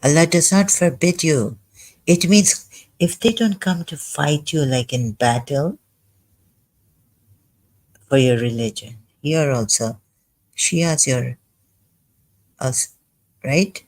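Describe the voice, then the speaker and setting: A man commenting on scripture verses as he reads them aloud. He sounds agitated and halting, and thinks aloud as he goes. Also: a little high, rough recording. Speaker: ex-Muslim commentator.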